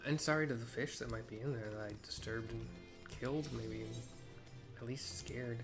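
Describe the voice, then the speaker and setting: A man's voice: mid-range voice, moderate pace, music in the background. A man casually narrating his gameplay for blind viewers, chatty and wry, reacting to the story as it plays.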